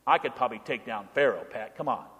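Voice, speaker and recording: A man preaching a sermon in a church, stressing quotations slowly and dropping to a low murmur between them. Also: animated, a bit bright. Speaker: pastor. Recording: long hall reverb.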